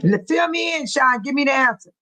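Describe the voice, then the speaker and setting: High-voiced woman chatting on a livestream. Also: animated, a little fast, bright, forceful tone, poor audio. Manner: chatty, reads articles aloud and talks back to chat. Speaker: livestream host. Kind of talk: casual livestream chat, reading news aloud.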